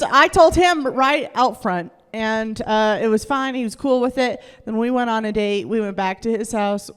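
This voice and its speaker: A woman's voice: mid-range voice, fairly bright tone, smooth, in a large hall. A woman doing stand-up on a club stage, crude and candid, laughing at herself often. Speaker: stand-up comedian. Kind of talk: stand-up comedy set.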